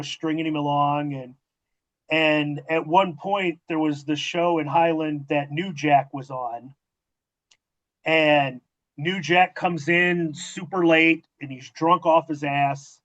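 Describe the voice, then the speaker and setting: A man with a fairly high-pitched voice tells backstage stories in a loose, conversational way, acting out the dialogue and swearing freely. The recording is dull and lo-fi. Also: a little slow. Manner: profane, animated storytelling with quoted dialogue. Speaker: podcast host and former wrestling manager. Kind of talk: casual storytelling interview. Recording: dull lo-fi audio.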